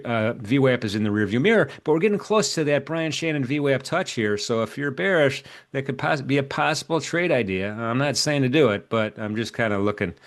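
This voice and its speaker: A man hosting a live trading show, walking through market levels in a casual, rambling way with many fillers and restarts. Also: medium pitch. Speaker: market strategist and show host. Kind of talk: live trading analysis chat.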